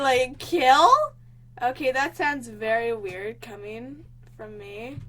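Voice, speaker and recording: Excitable high-voiced young woman gamer. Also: takes it slowly, noisy background. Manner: excitable, gasping, panicky exclamations. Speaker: gaming channel host. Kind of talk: let's play commentary.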